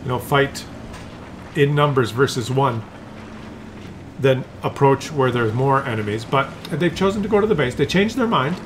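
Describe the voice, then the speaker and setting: A man's voice: medium pitch, animated, normal speed, background noise. A man giving casual, chatty commentary on a tank game replay, teasing the player and chuckling with viewers.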